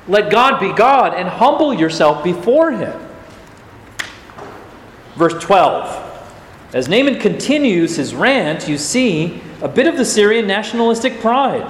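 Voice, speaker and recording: An earnest male pastor preaches in a high, animated voice and presses his listeners with rhetorical questions. His words echo around a large church hall with a long reverb tail. Faint ambience stays in the background. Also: a little slow, slight background noise. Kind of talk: sermon.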